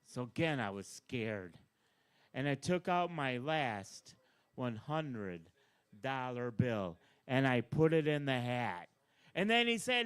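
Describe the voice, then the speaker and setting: A man doing live stand-up at an open mic, bossing an audience volunteer around with playful, deadpan asides. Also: on the high side, measured pace, smooth. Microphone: handheld stage mic.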